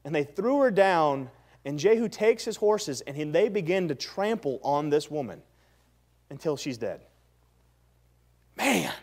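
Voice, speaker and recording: A man pastor preaching a sermon, retelling scripture in animated, slangy storytelling with stammering restarts. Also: sits high.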